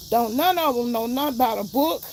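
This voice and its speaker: Casual livestream host, woman, outspoken ranting, gravelly voice. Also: fairly high pitch, a little fast, a little hiss or hum, rough recording. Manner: ranting, outspoken, swears freely. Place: garden outdoors, then indoors.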